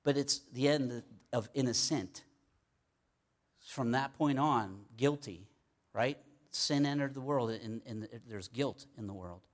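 A man's voice: mid-range voice, slow pace. A man preaching a sermon in a conversational, folksy way, with many fillers and repeated words.

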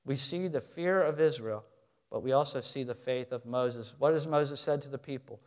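A man preaching a sermon in an animated way, rising loud and then dropping quiet, asking his listeners questions. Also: medium pitch, moderate pace. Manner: asks the audience questions. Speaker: pastor.

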